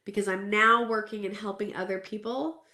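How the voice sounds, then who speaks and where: A woman's voice: mid-range voice, fairly even intonation, moderate pace, sharp tone. Earnest woman speaker in a roomy space. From Southern California. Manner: candid, earnest, conversational with restarts. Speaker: self-care speaker. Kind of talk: personal story in a wellness talk. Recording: roomy echo.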